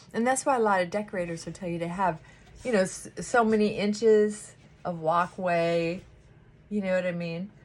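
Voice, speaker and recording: A woman therapist with a mid-range voice chats casually while doing her makeup. She's animated and acts out her clients' voices.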